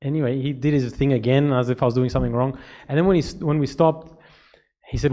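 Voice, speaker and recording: A man's voice: mid-range voice, steady tone, quick pace, mellow. Man priest telling stories to servants. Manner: conversational storytelling, repeats words when emphasizing. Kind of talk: informal talk to church servants.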